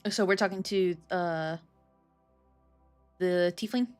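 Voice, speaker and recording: A woman's voice: fairly low pitch, slow, smooth, faint music behind. A woman playing a tabletop game, casual, giggly and playful. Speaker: player.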